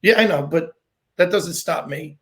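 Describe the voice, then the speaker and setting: A man's voice: on the high side, a little slow, a bit bright. A man co-hosting a podcast, chatting casually and asking his guest easygoing questions. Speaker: podcast co-host. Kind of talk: casual chat.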